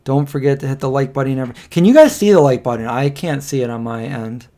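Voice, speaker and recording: A man's voice: mid-range voice, fairly quick, warm tone. A man in his thirties co-hosting a casual livestream podcast, rambling through a personal story and acting out what people said. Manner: rambling storyteller, acts out quotes. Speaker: podcast co-host.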